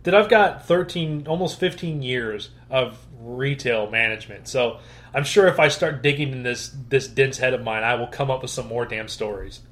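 A man in his thirties co-hosting a podcast, telling stories in a casual, animated and profane way, acting out quotes loudly. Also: mid-range voice, moderate pace. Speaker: podcast co-host. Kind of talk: casual storytelling chat.

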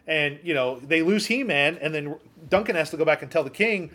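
A man co-hosting a podcast in casual chat, profane and retelling scenes with quick quotes. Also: fairly high pitch, animated, sharp tone.

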